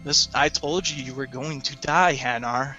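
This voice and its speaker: A man's voice: medium pitch, normal speed, pushed and bright, muffled recording, soft background music, lightly acted. Man doing a maniacal, gloating human. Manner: gloating, cruel.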